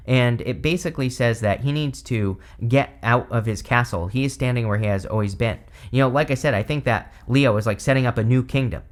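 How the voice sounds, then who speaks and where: A man in his thirties talks through a tarot spread in a loose, chatty way. His voice is a little hoarse, as if he is losing it. He rambles and keeps leaning on fillers like "like" and "you know". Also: medium pitch. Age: 30s. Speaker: tarot reader. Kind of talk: casual tarot reading.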